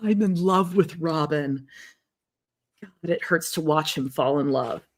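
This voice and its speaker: A woman co-hosting a podcast, reading a memoir aloud in a soft, lowered voice and breaking off for blunt, casual comments. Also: unhurried.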